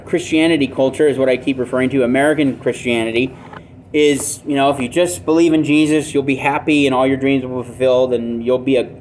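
A man's voice: mid-range voice, a little mellow, slight background noise. A man preaching a sermon in an earnest, plainspoken way, with self-deprecating asides. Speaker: pastor.

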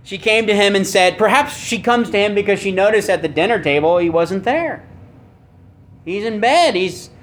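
A man preaching a sermon with emphasis, asking rhetorical questions and swinging between loud and soft. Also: sits high, expressive, moderate pace. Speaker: pastor.

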